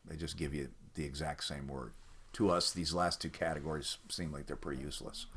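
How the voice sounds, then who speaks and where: A man with a low, deep voice gives a loose, unscripted walkthrough of websites. He explains each step plainly, sounds mildly skeptical of what he finds, and pauses often with "uh". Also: fairly even intonation, a bit bright, breathy edge. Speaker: website presenter for a rhyming site. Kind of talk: casual screen-recorded walkthrough.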